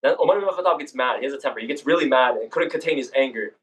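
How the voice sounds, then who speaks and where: A young man leading a student discussion, retelling history in a rushed, casual way with many restarts. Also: medium pitch, lively intonation, fairly bright tone, far from the mic, rough recording. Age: young adult. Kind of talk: informal religious history talk.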